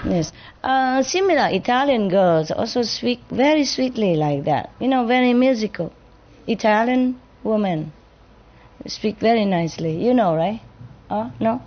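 A woman's voice: a little high, lively intonation, unhurried. A woman teacher speaking informally to an audience, playful and laughing often, sometimes imitating accents. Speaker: spiritual teacher answering an audience. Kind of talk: informal gathering talk with audience. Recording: muffled recording with audience and noise.

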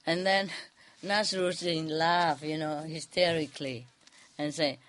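A woman's voice: deep voice, steady tone, a little slow, fairly bright tone. A woman telling a folk tale to a group in loose, conversational English, chuckling often as she goes. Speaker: storyteller.

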